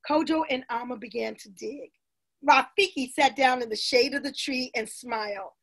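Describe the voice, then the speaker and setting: Lively woman reading a children's story. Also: high voice, normal speed, gravelly. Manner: lively, addresses the listening children directly. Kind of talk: reading a children's picture book aloud.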